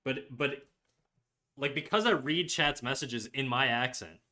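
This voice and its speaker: A man chats loosely with his live audience while he works. His voice is notably bright and forward, set at an ordinary middle pitch. He teases, trails off and strings thoughts together with plenty of "like". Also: measured pace. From Canada. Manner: teasing, rambling, heavy use of "like". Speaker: streamer. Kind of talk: casual livestream chat. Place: home streaming setup.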